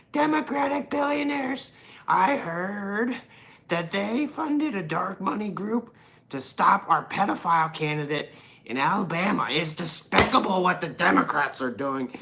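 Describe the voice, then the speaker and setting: A man voicing a whiny, crying male Republican caricature in a high, sobbing voice whose accent keeps shifting, mocking and exaggerated. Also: vocal fry, full character voice.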